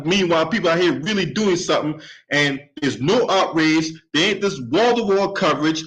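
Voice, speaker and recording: A man's voice: on the high side, moderate pace, a bit bright, low-quality recording. A man delivering an angry solo sports and politics commentary rant, heated and profane, and often tagging his points with a questioning "right?". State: openly angry.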